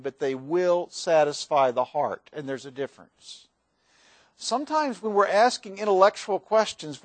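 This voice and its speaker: A man's voice: high voice, no echo. A man preaching a sermon as a pastor, earnest, dramatizing quoted prayers with rising intensity.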